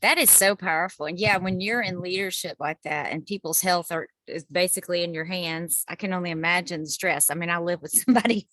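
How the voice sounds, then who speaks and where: A woman's voice: on the low side, brisk, few pauses, fairly bright tone, no room sound. A woman hosting a group video call, upbeat and encouraging. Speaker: host of a wellness group call.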